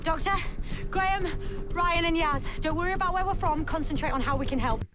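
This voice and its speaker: A woman's voice: very high voice, fairly quick, over music. A woman playing the Doctor, a curt and commanding alien time traveller, in a TV drama clip. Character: brisk, impatient female alien time traveller. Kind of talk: television drama dialogue. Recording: TV clip with background noise.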